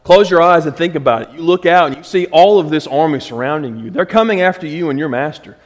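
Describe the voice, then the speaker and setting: A man's voice: a little high, fast. A man preaching a sermon in a casual, conversational way, often checking in with the congregation. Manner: conversational, asks the congregation "right?". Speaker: pastor. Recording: long reverb in a hall.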